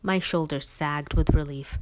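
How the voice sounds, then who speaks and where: A woman reading a novel aloud as an audiobook reader, in a plain, even storytelling manner. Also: deep voice, unhurried. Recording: dull lo-fi recording.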